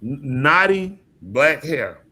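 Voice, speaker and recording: A man's voice: a little high, big pitch swings, slow, crowd noise. Emphatic man hosting a talk podcast. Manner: emphatic, preachy, asks the listener questions. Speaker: podcast host. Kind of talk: casual opinion talk.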